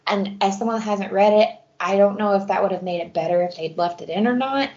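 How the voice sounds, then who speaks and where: A woman's voice: mid-range voice, fast talker, a little mellow. Lady podcast host giving blunt book opinions, kinda muffled lo-fi audio. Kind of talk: casual book chat.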